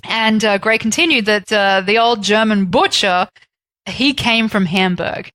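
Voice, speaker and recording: A woman's voice: mid-range voice, a little slow, fairly bright tone, no echo, poor audio. A woman co-hosting a casual podcast, chatty and often laughing. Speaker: podcast co-host. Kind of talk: casual chat.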